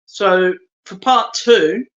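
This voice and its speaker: Slow-talking man on a lo-fi phone mic. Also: high-pitched. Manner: relaxed, trivia-sharing. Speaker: podcast co-host. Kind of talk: casual chat. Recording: dull lo-fi phone recording.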